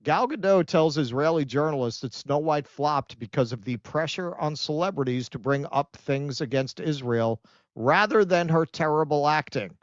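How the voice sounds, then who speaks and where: A man hosts a political commentary podcast, trading sarcastic, profane jabs in animated bursts. The recording is dry and a little dull, as if from a basic home setup. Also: on the high side, moderate pace, dry recording. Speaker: podcast host.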